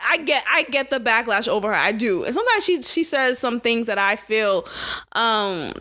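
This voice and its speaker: A young woman talks through a podcast segment in casual, animated commentary. Her voice sits high and sounds bright and forceful. She is sarcastic and laughs easily. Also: normal speed. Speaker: podcast co-host.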